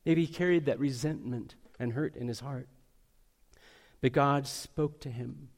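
A man preaching a sermon, earnest, slowing down and speeding up for emphasis. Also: mid-range voice. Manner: earnest, varies pace and loudness for emphasis. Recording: long hall reverb.

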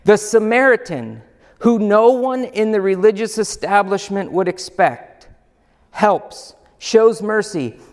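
Male pastor, high pitch, unhurried emphatic sermon delivery, hall reverb. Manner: emphatic, rhetorical questions.

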